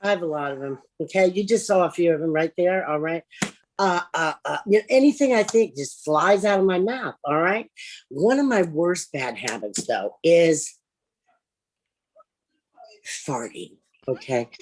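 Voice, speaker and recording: A woman doing improvised stand-up on a livestream, brash and profane, swinging from loud outbursts to low mutters. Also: animated, a little slow. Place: home, over a livestream.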